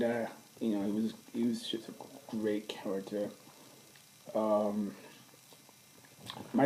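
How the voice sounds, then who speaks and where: A man's voice: lowish voice, warm tone, slight background noise, low-quality recording. A man talking casually and enthusiastically in a rambling way, often restarting his sentences. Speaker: vlogger. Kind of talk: casual fan movie talk.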